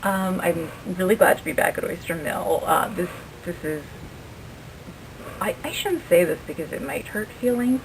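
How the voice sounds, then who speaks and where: A middle-aged woman with a low, gravelly voice talks casually in a backstage interview. She is chatty and self-deprecating. She stands a little away from the mic, with faint noise behind her. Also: far from the mic, low-quality recording. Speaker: actress interviewed about her role. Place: theater backstage area.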